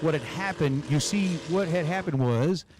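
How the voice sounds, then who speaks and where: Man, race announcer, slightly high pitch, chatty, faint background noise. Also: normal speed. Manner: chatty, reads viewer chat aloud between races. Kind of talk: livestream race commentary with chat.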